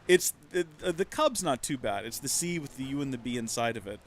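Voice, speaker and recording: A man in his thirties offers brisk, animated let's-play commentary in a medium-pitched voice. He's casual and talkative, wandering off topic and teasing himself.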